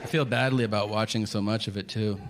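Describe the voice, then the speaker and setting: A man doing a stand-up comedy set on a club stage, crude and deadpan in his setups, then shouting the punchlines. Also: lowish voice, quick pace, a loud crowd. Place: comedy club stage before a live audience. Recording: reverberant venue with audience noise. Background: audience laughter.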